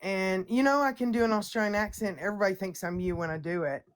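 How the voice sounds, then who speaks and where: A woman's voice: mid-range voice, quick pace. Brash, cussing woman chatting on a stream. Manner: brash, profane, boastful. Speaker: livestream host. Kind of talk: casual chat.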